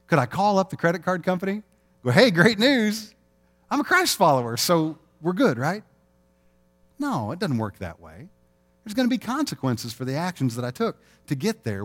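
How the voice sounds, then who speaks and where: A middle-aged man preaches to his congregation in a relaxed, conversational way. His voice sits at a middle pitch, and he slips into brief quoted voices to act out everyday scenes. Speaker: pastor. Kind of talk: sermon.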